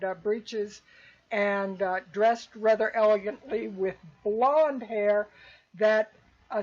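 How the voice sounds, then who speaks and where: A woman narrating a tabletop game as game master, describing scenes slowly with many fillers. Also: medium pitch, darkish tone. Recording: dull lo-fi recording.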